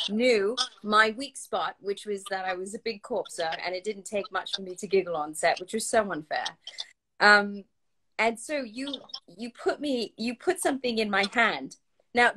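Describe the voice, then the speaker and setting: A woman's voice: mid-range voice, fairly bright tone, low-quality recording. A woman hosting a casual talk show, chatting and telling stories with giggles. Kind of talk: casual chat.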